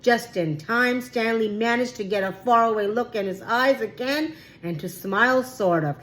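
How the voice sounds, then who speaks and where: A woman's voice: a little high, normal speed, fairly bright tone, rough recording. A woman reading a children's chapter book aloud with careful storytelling. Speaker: read-aloud host.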